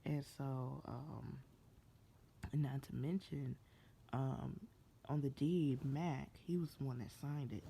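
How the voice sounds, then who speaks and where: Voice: medium pitch, steady tone, takes it slowly, vocal fry, mellow, slight background noise. A person giving a casual, gossipy recap of a TV episode, slangy and playfully sassy, often breaking into laughter. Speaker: TV show reviewer.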